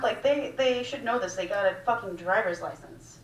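A woman's voice: mid-range voice, moderate pace, few pauses, a bit bright. A woman hosting a comedy night and doing stand-up, ranting bluntly with plenty of swearing in a small cafe room. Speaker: guest host and stand-up comedian. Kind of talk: stand-up set. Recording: roomy, distant with faint room noise.

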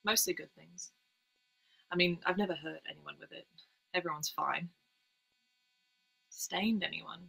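A young woman reading her own literary piece aloud in a measured, quiet first-person voice. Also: on the low side, gravelly, husky, poor audio. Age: young adult.

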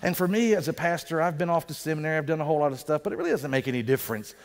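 A male pastor preaching a sermon in a conversational way, slowing down for emphasis. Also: fairly high pitch, expressive. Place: church sanctuary. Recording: reverberant church sanctuary.

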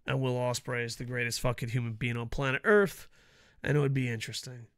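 A man giving a casual, profane wrestling preview rant, mocking and swinging between loud outbursts and low mutters. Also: steady tone, brisk. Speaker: wrestling vlogger.

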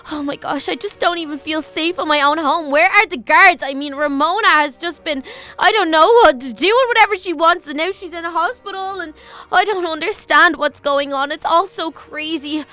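A woman's voice: sits high, moderate pace, bright, forceful tone. A woman hosting a Minecraft roleplay, talking to herself in anxious, rambling bursts full of fillers and restarts. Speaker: channel host playing her own character. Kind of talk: Minecraft roleplay narration and voice acting.

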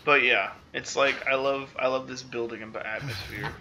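Rambling man with a bright voice. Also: mid-range voice, fairly even intonation, moderate pace, a little hiss or hum. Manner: rambling, full of "like" fillers, self-interrupting. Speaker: let's play host. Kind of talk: casual gameplay commentary.

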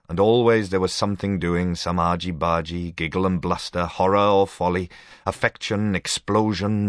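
Deep-voiced Welsh man reading a story. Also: no echo, studio quality. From Wales. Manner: rhythmic, measured storytelling delivery. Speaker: reader. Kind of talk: literary short story reading.

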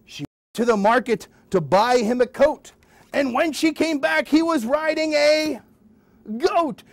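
Male kids' puppeteer, playful sing-song rhymes, high lively voice, unhurried. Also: no room sound. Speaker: children's puppeteer. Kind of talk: children's rhyme storytelling. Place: hospital closed-circuit TV studio.

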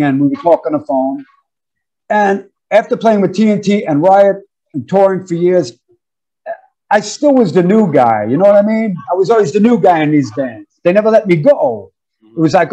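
Man in his 50s, from New York, higher pitch, mellow tone, animated slangy storyteller. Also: normal speed, highs cut off. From New York, USA. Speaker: drummer, interview guest. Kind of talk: casual storytelling interview.

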